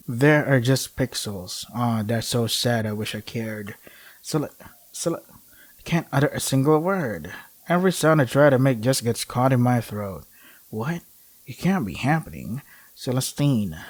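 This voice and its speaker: Sarcastic man reading a visual novel. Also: medium pitch. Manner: deadpan sarcastic asides between dramatic reading. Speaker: gaming YouTuber.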